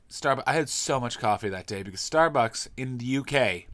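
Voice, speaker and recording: A man's voice: medium pitch, expressive, no echo. A man, a comedian, telling a story in a casual monologue, swearing freely and ranting. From Canada. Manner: profane, ranting, quick shifts in loudness.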